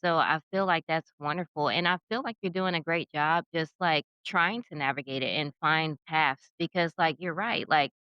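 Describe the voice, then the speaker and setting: A woman's voice: low voice, normal speed, hardly any pauses, clear, resonant tone, no room sound, lo-fi sound. A woman hosting a podcast, talking in an encouraging, casual way with many filler likes. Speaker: podcast host. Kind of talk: casual conversation.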